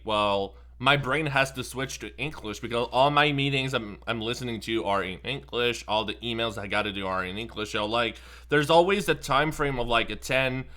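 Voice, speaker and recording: Man, bright rambling voice. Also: medium pitch. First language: French. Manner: rambling, full of fillers. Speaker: podcast panelist. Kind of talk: casual chat.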